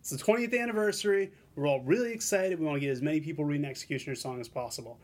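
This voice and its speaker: A man co-hosting a podcast, reading listener tweets with playful, animated banter. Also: on the high side, racing. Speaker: podcast co-host. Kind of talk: casual chat.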